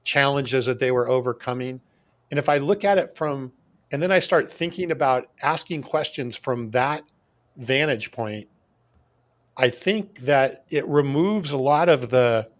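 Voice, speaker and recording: A man's voice: mid-range voice, expressive, a little slow. Man hosting, thinking aloud. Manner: thinking aloud, checks with guests. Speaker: podcast host. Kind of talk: casual podcast chat.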